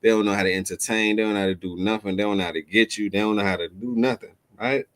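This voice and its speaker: A man hosting a reaction show, giving animated, slangy advice straight to his male viewers. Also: lowish voice, fast. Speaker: host reacting to a clip. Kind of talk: commentary to camera.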